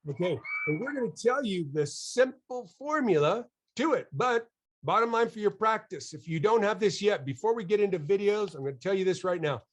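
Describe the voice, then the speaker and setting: A man presenting a webinar on marketing to a live audience, energetic and enthusiastic, joking with the crowd and asking people to raise their hands. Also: high-pitched, brisk.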